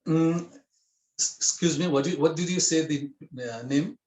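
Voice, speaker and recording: A man's voice: fairly high pitch, fairly even intonation, normal speed, darkish tone, echoey room. A man teaching a language class, patiently explaining and checking in with his students. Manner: patient, repeats and checks with "okay?". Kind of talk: online language lesson.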